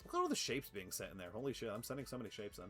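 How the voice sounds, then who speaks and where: A man streaming a factory game live, excitable and swearing, laughing often and cooing at his cat. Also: lowish voice, very fast, faint music behind. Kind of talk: live gameplay commentary.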